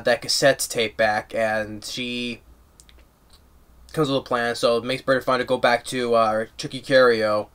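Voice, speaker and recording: A man giving a casual, rambling movie review and recapping the plot excitedly with lots of restarts. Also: medium pitch, clean tone.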